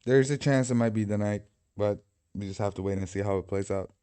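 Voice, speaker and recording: A man's voice: lowish voice, a little fast, mellow, clear, resonant tone. A man hosting a livestream, talking casually and joking, swearing freely. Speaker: livestream host. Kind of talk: casual live commentary.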